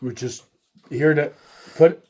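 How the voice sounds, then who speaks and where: A slightly tipsy man co-hosts a casual podcast and tells stories in a halting way, tripping over his own words. His voice sits a bit higher than most men's. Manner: halting, stumbles and restarts, anecdotal. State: tipsy from beer. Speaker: podcast co-host. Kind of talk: casual chat.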